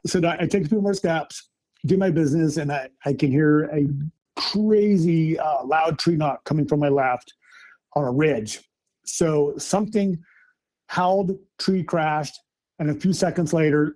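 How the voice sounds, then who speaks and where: A middle-aged man casually telling an excited story about a camping trip with his family. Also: fairly high pitch, moderate pace. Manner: animated, excited retelling with acted quotes. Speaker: storyteller recounting a camping encounter.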